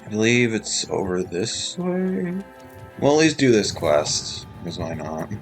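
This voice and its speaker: A man's voice: lowish voice, sing-song, a little slow, soft background music, poor audio. A man giving casual, rambling commentary while playing a video game. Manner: rambling, self-correcting explanations. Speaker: gameplay streamer. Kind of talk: casual let's-play commentary.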